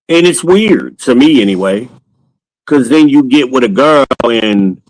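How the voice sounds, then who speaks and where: A man's voice: medium pitch, expressive, slow pace, poor audio. A podcast host talks casually to viewers while walking through his home, boastful and joking, swearing freely.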